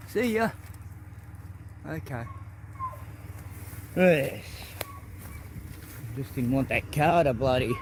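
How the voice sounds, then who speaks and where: Aussie bloke, high voice, slow easy chat to animals, outdoors on a handheld cam. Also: male voice, animated, background noise. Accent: Australian. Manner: coaxing, chatty talk to animals. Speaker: wildlife vlogger. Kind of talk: casual outdoor commentary. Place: outdoors in bushland.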